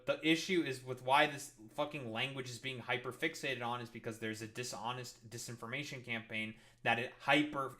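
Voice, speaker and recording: A male streamer reacting to an interview with scornful, profane political commentary, swearing constantly and often restarting his sentences. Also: medium pitch. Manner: gets loud and excited while acting out an example.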